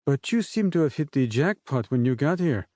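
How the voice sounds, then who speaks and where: In this storybook reading, a soft-spoken young Frenchwoman talks in a gentle, lifted voice, as a male narrator puts her on. Her French accent is light and quiet. The voice is dry and close, with no room around it. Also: medium pitch, expressive, normal speed, no echo, voice pushed up, lightly acted. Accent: French, put on. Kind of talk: audiobook character voice.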